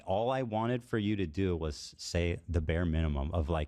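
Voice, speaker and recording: A man with a low voice talks on a podcast, loosely and casually. He sounds defensive as he explains his side. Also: moderate pace, hardly any pauses, mellow. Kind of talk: podcast conversation.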